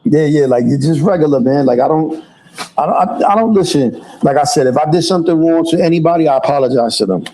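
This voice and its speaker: A man's voice: fairly high pitch, expressive, fast talker, dark tone, a little hiss or hum, poor audio. A man chatting casually on a livestream, loose and profane, full of street slang and restarts. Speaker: livestream host.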